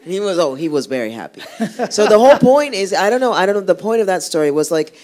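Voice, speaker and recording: A woman's voice: lowish voice, very animated, fast, a little mellow. Chatty woman guest telling a rambling story. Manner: chatty, rambling storyteller who restarts often. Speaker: guest singer. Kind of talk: casual interview chat.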